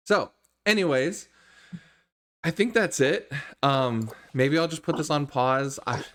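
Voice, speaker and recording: A man's voice: fairly high pitch, expressive, takes it slowly, a bit bright. A man hosting a tabletop game stream, chatting casually with many fillers before narrating the scene as game master.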